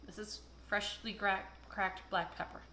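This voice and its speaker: Cooking as she talks, a woman hosts a casual video, chatting, joking and telling stories in her kitchen. Her medium-pitched voice stays steady and runs a little slow, and the recording is very noisy. A camera across the room picks up the echo of the kitchen and the clatter of dishes and cutlery.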